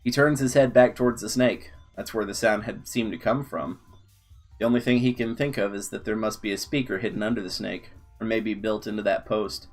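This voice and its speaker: A man with a low voice reads a long story aloud, steady and unhurried. Faint guitar music sits quietly beneath his narration.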